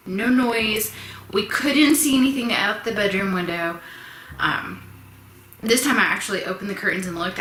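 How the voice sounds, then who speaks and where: A woman vlogger telling a personal story in a casual, animated, chatty way, asking her viewers questions. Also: medium pitch. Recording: echoey room.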